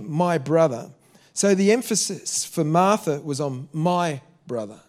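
Male preacher, high-pitched, earnest sermon delivery with direct questions to the congregation. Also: darkish tone. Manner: earnest, repeats words, asks the listeners direct questions.

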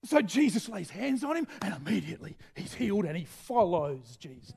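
A middle-aged man preaching a sermon with energy, shouting out key phrases. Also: sits high, big pitch swings, moderate pace, creaky, breathy edge.

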